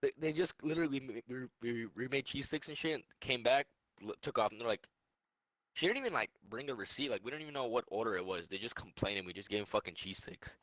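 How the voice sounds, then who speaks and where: Fast-talking, bright-voiced young man. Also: medium pitch, no echo. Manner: swearing, rambling storytelling with restarts. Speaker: podcast co-host. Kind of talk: casual chat.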